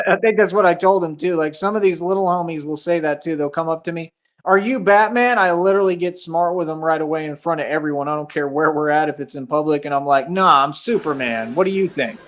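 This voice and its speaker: A man's voice: fairly high pitch, level tone, fast talker, dull audio, a little hiss or hum. A man streaming casually, rambling and joking, laughing often and filling with "like". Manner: joking, boastful.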